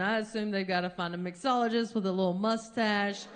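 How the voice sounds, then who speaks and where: A woman telling a long comic story on stage as a stand-up comedian, animated and jumping high in pitch when she acts out quotes. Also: quick pace, slight background noise.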